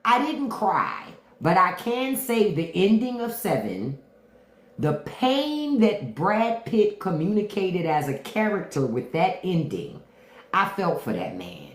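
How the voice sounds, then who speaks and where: A woman hosting a casual livestream, talking in an animated, profane way and repeating lines for emphasis. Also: fairly low pitch, takes it slowly. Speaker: livestream host. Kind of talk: casual livestream chat about movies. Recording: echoey room.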